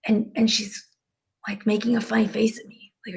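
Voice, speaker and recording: A woman working as a psychic medium, channeling on a live stream from her living room, who sounds flustered and often drops into hushed whispered asides. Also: mid-range voice, little pitch movement, normal speed, creaky.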